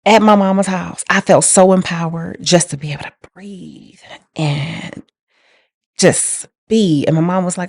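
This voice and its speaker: Her voice is lowish and steady, her delivery unhurried, captured in studio quality with no room sound. This young woman shares her life story candidly, in a casual, emphatic manner, repeating phrases for weight and laughing as she gets through hard memories.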